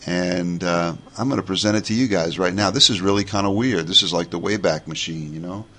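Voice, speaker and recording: A low-voiced man in his forties talks with a New York accent as he hosts a casual podcast monologue. His tone is bright and forceful. He rambles in a chatty way, circling back with restarts and fillers. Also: a little fast. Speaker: podcast host.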